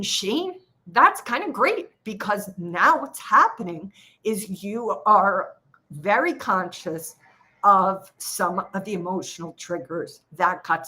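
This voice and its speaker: Emphatic woman trading coach. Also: mid-range voice. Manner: energetic, emphatic, acts out inner voices. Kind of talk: live coaching session.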